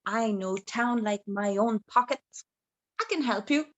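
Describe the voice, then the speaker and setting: A woman voicing a scruffy, cocky male street dog with a teasing, smooth-talking manner in a told story. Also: on the high side, measured pace, lo-fi sound, lightly acted.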